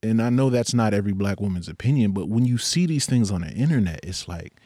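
A man's voice: lowish voice, animated, fast talker, dark tone, no room sound, clean studio sound. A young man speaking in an earnest, candid personal monologue, with occasional rueful laughs.

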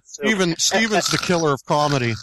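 A man co-hosting a casual talk show, chiming in with quick asides. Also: on the high side, animated, noisy background. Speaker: co-host. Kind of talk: casual podcast chat.

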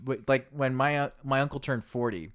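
A man reading listener messages on a podcast, speaking at a medium pitch. He teases the hosts in a dry, casual way. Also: a little fast, clear, resonant tone. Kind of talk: casual chat.

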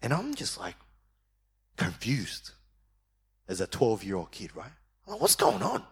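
Lively male preacher telling a story. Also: on the low side, slightly rough. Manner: animated storytelling, acts out his younger self; drops to a quiet, slow voice at tender moments. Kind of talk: sermon testimony.

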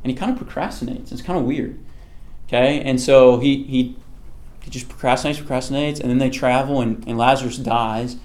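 A man leads a relaxed Bible study, reading passages aloud and then talking them through. His tone is conversational, and he often pauses to ask his listeners "okay?". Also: mid-range voice. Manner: conversational, checks in with frequent "okay?"; reads scripture aloud, then explains it. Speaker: Bible teacher.

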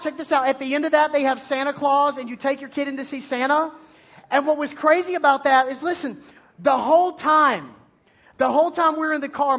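A man, preaching as a high school youth pastor, with playful storytelling and sudden loud bursts. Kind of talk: energetic youth sermon.

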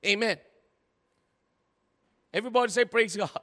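A male pastor, preaching a sermon in an animated, exclaiming way, with many repeated words and sentence particles. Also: high voice, moderate pace, long reverb tail.

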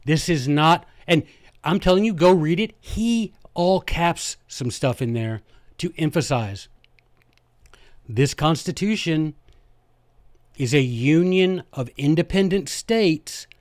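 A man's voice: on the high side, expressive, no echo, studio quality. Emphatic, playful man with a raised voice. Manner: playful and emphatic, with quick asides. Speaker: host. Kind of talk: jokey history lesson. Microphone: close microphone.

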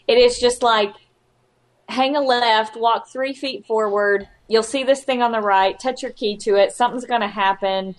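Podcast co-host, a woman with a fairly high voice, chatty and exasperated, acts out every quote. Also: normal speed. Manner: animated storyteller, acts out quotes in exaggerated voices; exasperated, rambling complaints. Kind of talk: casual chat.

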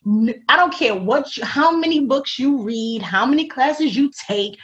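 Woman, interview guest, fairly high voice, lively and laughing, acts out quotes, dull lo-fi sound. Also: a little slow. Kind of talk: casual faith-centred chat. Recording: dull lo-fi recording.

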